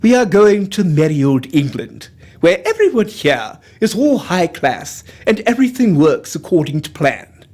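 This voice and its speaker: A man voicing a rough working-class Londoner, gruff and mocking. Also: high-pitched, big pitch swings, normal speed, darkish tone.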